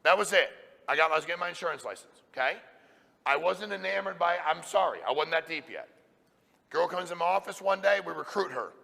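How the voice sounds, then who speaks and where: A middle-aged man, a company president, giving a blunt, forceful motivational talk to a live audience. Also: on the high side, expressive, a little fast, vocal fry. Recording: reverberant hall sound.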